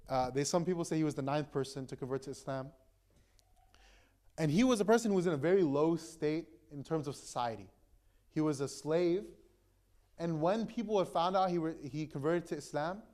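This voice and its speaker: Casual storytelling young imam. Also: male voice, fairly high pitch, a little mellow. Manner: casual storytelling with many fillers and "right?" tags. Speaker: imam giving a talk. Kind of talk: storytelling sermon.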